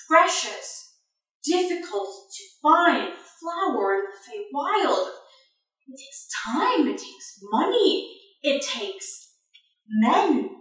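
A woman voicing a smooth, scheming male broker who talks in oily, falsely sympathetic persuasion. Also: sits high, a bit bright, heavily acted. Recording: echoey room, far from mic.

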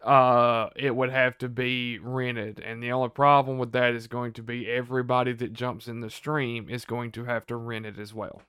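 A man with a Southern accent calmly explaining things in casual podcast chat. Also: medium pitch, smooth, dry recording, clean studio sound. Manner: measured, explanatory.

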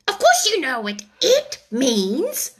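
A woman's voice: extremely high pitch, big pitch swings, slow, fairly bright tone, pitched above the performer's own voice, heavily acted. A woman voicing a self-important male mouse who lectures primly and grows cross when interrupted. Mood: pompous.

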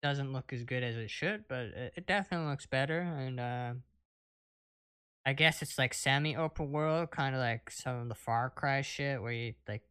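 Man, smooth voice, laid-back, casual gaming news, fillers and swearing. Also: medium pitch, moderate pace, pushed and bright. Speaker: podcast co-host.

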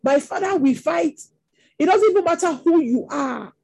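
A woman's voice: very high-pitched, lively intonation, normal speed, dark tone. A Nigerian woman preaching a sermon, telling stories that rise into impassioned exclamations. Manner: storytelling, rising to impassioned exclamations.

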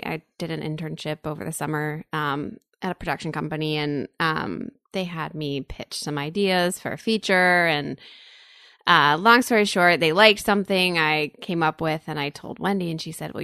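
A woman's voice: deep voice, fairly bright tone, clear, resonant tone, dry recording, studio quality. A woman in her thirties, a TV writer chatting casually on a podcast, rambling and self-deprecating. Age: 30s. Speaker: guest, TV writer.

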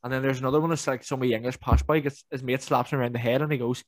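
A man's voice: mid-range voice, very fast, dry recording. A young man, chatting casually on a podcast and swearing freely. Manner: animated, swearing, mimics viral clips. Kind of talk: casual chat.

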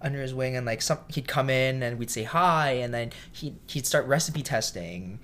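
A cook tells a story in a casual interview, speaking in a mid-range voice at normal speed. He acts out the voices in his story, sometimes loudly, though he describes himself as shy.

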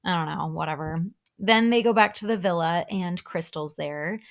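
Woman podcast host, casual recap chat, chatty with asides, lowish pitch. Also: normal speed, vocal fry. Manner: chatty, laughs often, asides to listeners.

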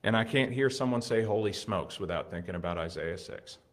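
A man preaching a sermon in an earnest way, building to excited emphasis and then dropping soft. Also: lowish voice, fairly quick.

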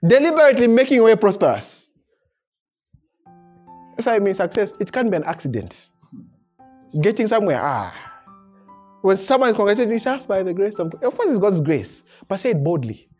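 A male pastor delivering a sermon to a responsive congregation, his pitch rising and falling freely as he drives each point home. He chuckles between phrases and repeats words as he builds momentum, with soft music playing faintly behind him. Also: a little fast, long pauses. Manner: animated preaching with frequent chuckles and repeated words. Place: church service before a congregation.

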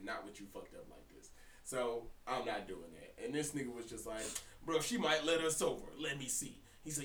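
A young man co-hosting a podcast, telling a story in casual, profane chat with an animated delivery. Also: mid-range voice, recorded from a distance. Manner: animated, profane, breaks into laughter. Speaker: podcast co-host. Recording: roomy echo, somewhat off-mic.

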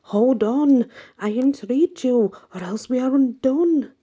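A woman's voice: low-pitched, steady tone, normal speed, dark tone, husky, lo-fi sound. A woman reading aloud, voicing a nervous older parish priest who gives grave warnings and cries out in fear. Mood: terrified.

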